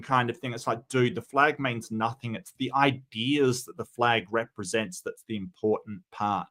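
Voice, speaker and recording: A man's voice: mid-range voice, big pitch swings, normal speed, few pauses, fairly bright tone. A man chatting casually on a livestream, reading and answering chat, rambling with many restarts and fillers while giving strong opinions.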